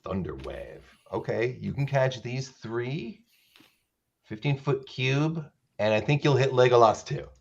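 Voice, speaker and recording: A man running a tabletop role-playing game as dungeon master, talking in halting bursts with many restarts. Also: mid-range voice, expressive, gravelly, highs cut off.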